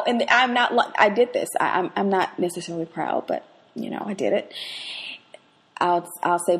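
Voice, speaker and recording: Speaking at a moderate pace in a somewhat high voice, this podcast host and Bible teacher offers devotional teaching with personal storytelling. She is expressive, swinging between quiet reflection and animated anecdotes.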